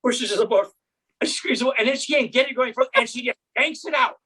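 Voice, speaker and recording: A man doing stand-up comedy from home, telling a long personal story in a wry, deadpan way and putting on voices for the people in it. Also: very high voice, fast, slightly rough.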